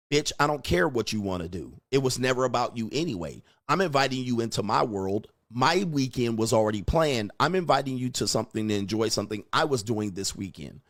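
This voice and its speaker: A man's voice: mid-range voice, expressive, fairly quick, few pauses. Blunt, emphatic man lecturing on dating. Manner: blunt, emphatic, profane, acts out quoted exchanges. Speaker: dating advice host. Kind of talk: lecturing monologue.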